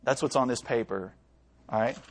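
A man's voice: mid-range voice, moderate pace, slight background noise. A man in his thirties preaching a sermon, telling stories and using paper props with his young sons in a conversational way. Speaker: pastor. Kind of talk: sermon with object lesson.

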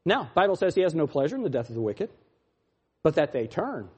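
Husky-voiced pastor preaching loud and lively. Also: male voice, fairly quick. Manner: mocking, swings from loud laughing shouts to low muttering. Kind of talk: sermon.

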